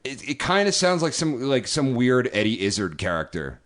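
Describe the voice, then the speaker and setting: A man's voice: mid-range voice, very animated, normal speed, a bit bright. A male podcast co-host in casual chat, wry, profane and self-deprecating.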